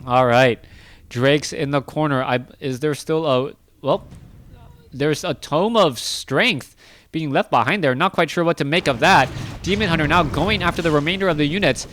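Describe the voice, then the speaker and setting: A man casts a strategy match on his own, talking through every move in a chatty, self-correcting way. His voice sits fairly high for a man. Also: normal speed, slight background noise. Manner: chatty, self-correcting, rising excitement in big moments. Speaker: esports caster. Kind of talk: solo play-by-play game commentary.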